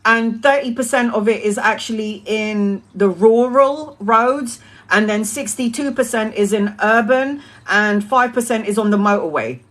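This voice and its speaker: A woman's voice: a little high, measured pace, fairly bright tone. A woman in her thirties telling a casual story and ranting about drivers, swearing freely and laughing often. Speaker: tarot livestream host.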